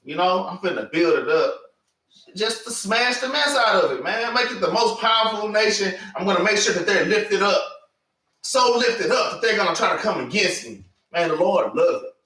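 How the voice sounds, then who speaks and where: A man preaches in a loose, animated classroom manner. His voice sits a little high and rings bright and forceful. The mic is set far off in an echoey room. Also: normal speed. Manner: animated, street-casual, keeps saying "man". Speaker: class teacher.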